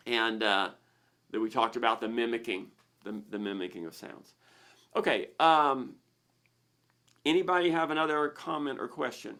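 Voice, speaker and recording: A man's voice: mid-range voice, normal speed, pauses often, pushed and bright. A man hosting a live Q&A, explaining in a plain way with frequent restarts and repeated words. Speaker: host of a misophonia Q&A.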